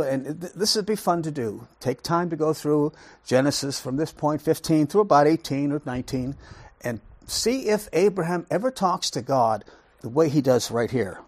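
A man teaching a Bible study in a husky, slightly raised voice. He swings his pitch widely, stressing words by repeating them and posing rhetorical questions to his class. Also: very animated, moderate pace, no echo.

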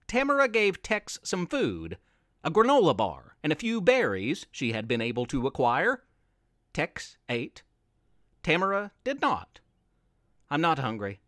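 Expressive, unhurried male storyteller. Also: a little high, dry recording, clean studio sound. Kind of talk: storybook narration.

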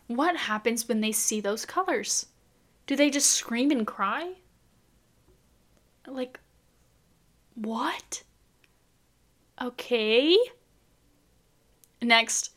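A young woman vlogging in a casual, chatty way, full of incredulous rhetorical questions. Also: on the high side. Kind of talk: casual chat to camera.

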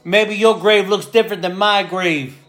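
A man's voice: high-pitched, fairly even intonation, normal speed, fairly bright tone, soft background music. A man preaching a sermon with fervor, repeating phrases and building in intensity. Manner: fervent, repetitive, builds in intensity.

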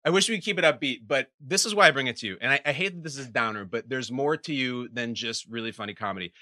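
A man's voice: mid-range voice, quick pace, pushed and bright, no echo, studio quality. A man hosting an interview, playful and upbeat as he asks questions. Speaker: host. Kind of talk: casual interview.

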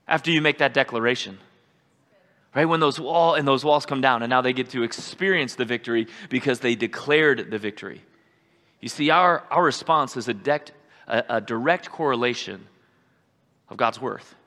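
A pastor delivering a sermon in a fairly high, bright, forceful voice. He talks conversationally, checks in with "right?" again and again, and now and then bursts into a shout. The sound carries the long reverb of a church sanctuary. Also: animated, normal speed.

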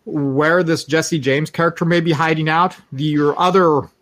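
Stuffy formal detective guy, a man putting him on, fancy old-timey talk, kinda high voice. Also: fairly even intonation, moderate pace, fairly bright tone, lightly acted. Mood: haughty. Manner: stiff, old-fashioned, flowery. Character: pompous formal male detective pursuing outlaws.

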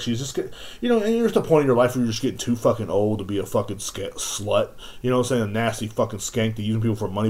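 Low-voiced man ranting profanely. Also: darkish tone. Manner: profane, rambling. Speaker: podcast host, liquor store clerk. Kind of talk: casual rant.

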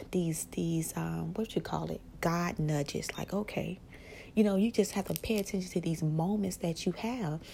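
A woman hosting a casual spiritual podcast, speaking softly and often slipping into a whisper, rambling with restarts. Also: mid-range voice, vocal fry, slight background noise. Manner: soft-spoken, often drifting into a whisper. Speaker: podcast host.

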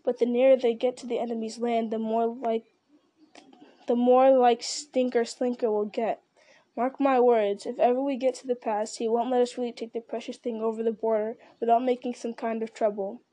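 A blunt, stubborn and loyal male servant, as a woman reads him, homely and protective with a gruff edge. His voice comes in a touch lower and softer than the narration, mellow and warm in tone. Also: level tone, moderate pace, natural voice. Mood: earnest. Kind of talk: audiobook reading.

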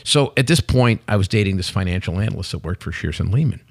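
A man's voice: low-pitched, fast talker, gravelly, no echo, studio quality. A man in his sixties, a company CEO, telling jokey stories in casual chat and acting out the people he quotes. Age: 60s. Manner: animated joking storyteller acting out quotes. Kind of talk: casual storytelling.

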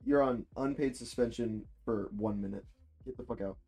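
A man's voice: medium pitch, normal speed, creaky, darkish tone, breathy edge, soft background music. A man hosting a casual podcast over a video call, bossing his friends around with jokes and swearing. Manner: bossy, joking, swears freely. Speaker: podcast host and editor. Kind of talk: casual chat.

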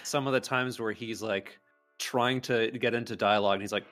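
A man's voice: lowish voice, fairly even intonation, moderate pace, over music. A man chatting as a podcast guest, hesitant and full of fillers. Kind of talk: casual chat.

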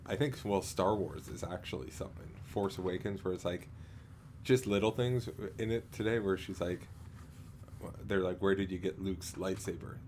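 A man with a deep, darkish voice co-hosts a podcast, chatting casually in a rambling, halting way packed with fillers and restarts, with frequent laughter. Slight background noise runs underneath.

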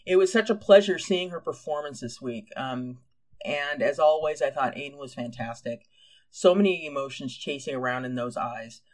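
A man's voice: medium pitch, normal speed. A man co-hosting a podcast, reading listener comments and chatting playfully about a TV drama. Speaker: podcast co-host.

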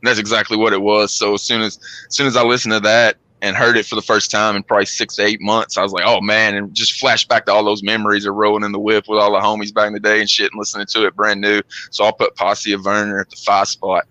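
A man with a bright, forceful voice and a lowish pitch, chatting casually as a podcast co-host. His talk is loose and profane, full of restarts. The sound is dry and close, with no room around it. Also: flat delivery, quick pace, hardly any pauses, dry recording, rough recording. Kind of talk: casual chat.

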